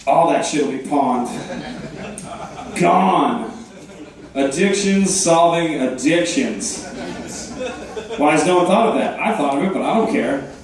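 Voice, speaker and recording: A man works a comedy club crowd with deadpan, self-mocking jokes, tossing in quick asides as he hosts the night. His voice sits a little high and sounds distant, and the club around him echoes heavily. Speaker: stand-up comedian and host. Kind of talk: stand-up comedy set. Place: comedy club stage before a live crowd. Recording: echoey room, voice from afar.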